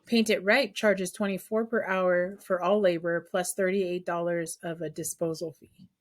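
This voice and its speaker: A woman's voice: on the low side, steady tone, normal speed. A woman teaching a math lesson to her class, explaining a problem step by step in a chatty way and often checking that students follow.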